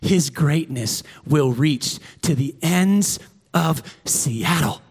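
High-voiced pastor preaching in a hall. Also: male voice, takes it slowly, breathy edge. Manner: swings from excited shouting to hushed, intimate prayer. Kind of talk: sermon. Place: church sanctuary.

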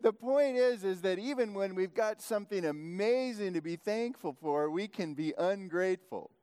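Rambling male preacher, self-correcting, slightly high voice, hall reverb. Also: expressive, moderate pace, darkish tone, clear, resonant tone. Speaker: pastor. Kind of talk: sermon.

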